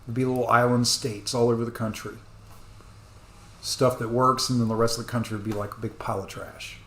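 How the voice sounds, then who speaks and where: A man rambling through an earnest, apologetic rant as a commentator reacting to the news, breaking into sudden loud bursts. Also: medium pitch, little pitch movement, fairly quick, reverberant. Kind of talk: rambling ranting monologue.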